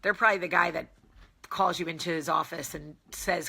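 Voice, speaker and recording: Blunt, bright-voiced Jersey woman host. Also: low voice, steady tone, moderate pace, vocal fry, breathy edge. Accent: New Jersey. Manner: candid, jokey, blunt, sometimes profane. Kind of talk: casual live chat with viewers.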